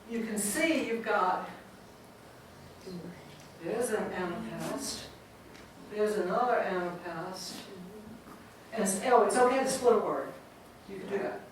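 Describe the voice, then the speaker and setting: Woman, poetry teacher, unhurried and chatty, recorded far off in a very echoey church room. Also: mid-range voice, a little hiss or hum. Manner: chatty, laughs often, sounds out rhythms. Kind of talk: informal classroom teaching. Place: church classroom. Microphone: distant room mic.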